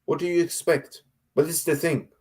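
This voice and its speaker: A man's voice: on the high side, steady tone, fairly quick, a little mellow, slightly rough. A man co-hosting a casual football debate over an online call, blunt and exasperated, firing off rhetorical questions and swearing. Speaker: football podcast co-host.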